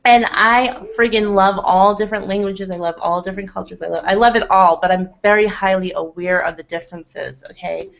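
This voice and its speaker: A woman hosts a casual livestream hangout in a mid-range, fairly bright voice with vocal fry and fairly even intonation, talking briskly with few pauses. She rambles and chats with viewers, laughs often and fills her speech with "like," all over slightly dull lo-fi webcam audio.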